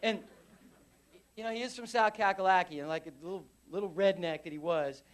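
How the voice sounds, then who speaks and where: A veteran man giving a live storytelling speech at a conference, animated and acting out scenes with sound effects. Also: high voice, brisk. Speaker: veteran speaker. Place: conference stage.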